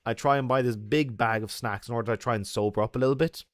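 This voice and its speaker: Animated man telling stories. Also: mid-range voice, quick pace, no room sound, clean studio sound. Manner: animated, swearing, laughing often. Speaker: YouTuber. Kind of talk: casual livestream chat and storytelling.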